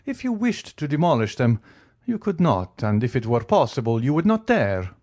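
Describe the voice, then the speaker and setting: A man voicing a wealthy, coolly ironic middle-aged count who talks in a teasing, measured way. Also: mid-range voice, big pitch swings, darkish tone, voice pushed up. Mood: amused. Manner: teasing, measured, faintly mocking.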